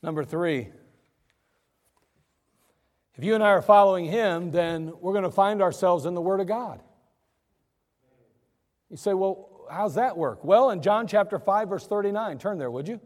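A high-pitched man delivers a sermon in a church. He preaches in an animated way, putting questions to his listeners and answering them himself. The hall around him adds a long reverb. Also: moderate pace, long pauses. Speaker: pastor. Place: church sanctuary.

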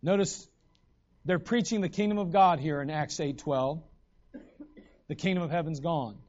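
High-voiced animated male preacher. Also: moderate pace, dull audio. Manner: animated, acts out voices in retellings. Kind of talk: sermon.

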